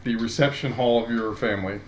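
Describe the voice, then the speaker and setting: A man narrating a tabletop game as dungeon master, in a slow, dramatic storytelling manner, speaking into a headset. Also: mid-range voice, background noise.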